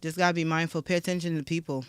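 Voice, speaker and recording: A young adult woman, a podcast guest, chatting casually and telling stories with lively energy, acting out what other people said. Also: deep voice, racing, clean tone, no echo, clean studio sound. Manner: animated storyteller who acts out other people's lines. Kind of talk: casual conversation.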